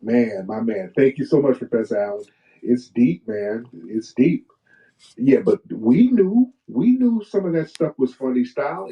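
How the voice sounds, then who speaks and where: A man hosting a live talk stream, talking in a preachy way and reading old quotes slowly with emphasis. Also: mid-range voice, very animated. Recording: distant, muffled live stream audio.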